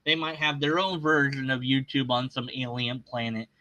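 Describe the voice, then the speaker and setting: A man's voice: medium pitch, little pitch movement, moderate pace, bright, forceful tone, poor audio. A man commenting on a video he is reacting to, in an agitated, sarcastic and rambling rant. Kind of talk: casual rant.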